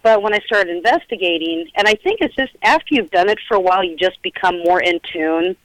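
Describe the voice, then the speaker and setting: A middle-aged woman, a paranormal investigator, telling stories in a chatty, animated way over a phone line and acting out the quotes. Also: fairly low pitch, a little fast, dry recording. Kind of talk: casual storytelling interview.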